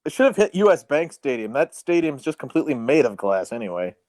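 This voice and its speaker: A man co-hosting a podcast, telling stories with excitable, swinging emphasis in casual banter. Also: mid-range voice, fast talker, no echo. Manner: excitable storyteller with sudden swings in loudness. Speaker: podcast co-host.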